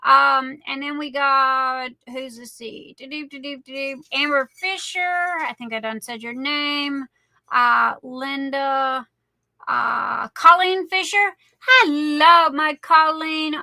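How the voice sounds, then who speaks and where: Chatty woman, bright and high-pitched. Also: gravelly, no echo, rough recording. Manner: chatty, affectionate, rambling with many fillers. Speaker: livestream host. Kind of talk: casual chat greeting viewers.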